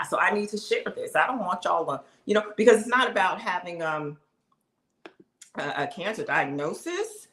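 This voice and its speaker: A woman hosting her own live stream, chatting excitedly and preaching straight to her viewers. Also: on the low side, moderate pace, reverberant. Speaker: live show host.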